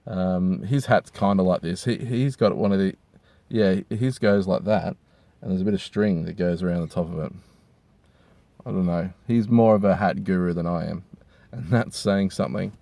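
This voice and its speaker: A hungover man, rambling crudely and with deadpan humor while reviewing hats from inside a car. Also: sits low, moderate pace, creaky, no echo. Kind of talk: casual rambling monologue.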